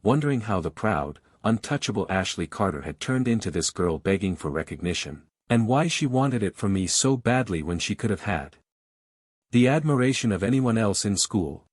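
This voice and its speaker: A man telling a first-person romance story with a lowish voice, in long, unbroken sentences that keep a steady flow. The sound is dry and close, with no room around it. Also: normal speed, no room sound. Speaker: narrator.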